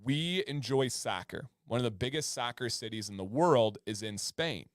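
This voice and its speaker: A man's voice: mid-range voice, expressive, normal speed, no room sound, studio quality. A man co-hosting a casual livestream chat, chatty and acting out pronunciations as he explains. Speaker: co-host.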